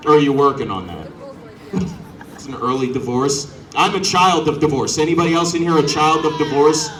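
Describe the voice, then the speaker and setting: A man's voice: fairly high pitch, lively intonation, moderate pace, a bit bright, reverberant, distant mic. A man doing a stand-up set outdoors, teasing the crowd and acting out characters. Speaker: stand-up comedian. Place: outdoor show on a front lawn. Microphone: corded handheld mic.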